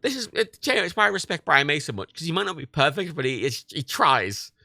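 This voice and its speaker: A man's voice: fairly high pitch, quick pace, gravelly, no echo, studio quality. A man in his late twenties, hosting a livestream, telling stories in casual chat with lots of swearing and laughter. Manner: animated storytelling, swears a lot, laughs often. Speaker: livestream host.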